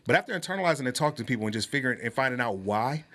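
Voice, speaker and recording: A man's voice: medium pitch, expressive, rapid-fire, bright, forceful tone, a little hiss or hum. An American man hosting a podcast conversation, talking loosely with many restarts and laughs. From United States. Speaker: podcast host. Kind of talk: casual conversational interview.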